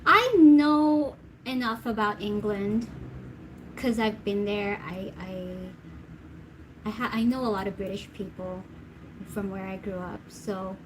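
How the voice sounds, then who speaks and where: Female stream host, bright higher register, easygoing and chatty with viewers, laughs a lot. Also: slow pace, a little hiss or hum, poor audio. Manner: chatty, reads viewer comments aloud and laughs often. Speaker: tarot reader hosting a live Q&A. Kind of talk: casual livestream chat.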